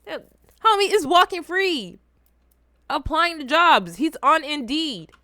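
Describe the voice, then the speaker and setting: A young woman chats casually while reacting to a video and her chat, teasing and swinging from loud outbursts to low mutters. She speaks slowly and expressively, with slight background noise.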